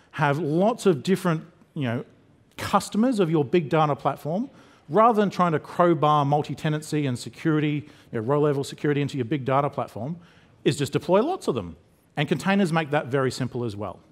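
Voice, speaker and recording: A man from Queensland with an Australian accent, giving a conference talk and joking with the audience as he explains. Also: on the high side. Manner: jokey, addresses the audience with quick questions. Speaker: conference speaker. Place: conference hall.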